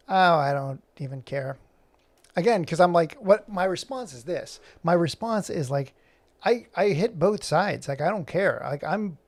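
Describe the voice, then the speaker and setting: A man's voice: fairly high pitch, vocal fry, a little mellow. A man chatting casually in a rambling way, full of fillers, while working on animation. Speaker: animator and vlogger.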